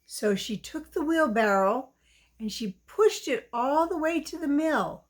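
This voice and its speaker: Gentle woman storyteller for children, high and lively in pitch. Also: unhurried. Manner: gentle, sing-song, speaks to children. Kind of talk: reading a children's story aloud.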